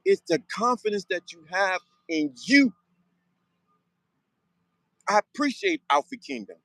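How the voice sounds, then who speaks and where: A man's voice: sits high, sing-song, a little slow, a bit bright, no room sound, rough recording. A man hosting a show, giving an emphatic motivational monologue full of slang and repeated phrases. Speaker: show host.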